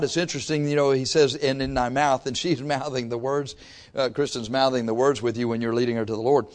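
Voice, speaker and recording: A pastor preaching to his congregation, swinging from loud rises to soft asides. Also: medium pitch, fairly even intonation, a little fast. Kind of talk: sermon. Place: church before a congregation.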